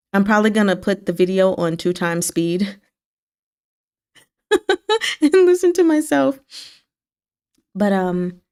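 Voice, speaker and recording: A woman with a slightly low voice hosts a relaxed book club livestream. She chats loosely and answers her viewers' comments. Her pitch keeps leaping up on exclamations before it settles back down. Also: smooth. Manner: chatty, animated pitch swings, talks back to chat. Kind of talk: casual livestream chat with viewers.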